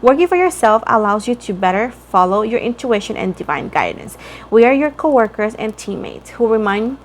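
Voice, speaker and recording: A woman's voice: a little high, expressive, normal speed, slight background noise. A young woman reading tarot cards for her viewers in a chatty, rambling way, often breaking off mid-sentence. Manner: chatty, rambling, self-interrupting. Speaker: tarot reader.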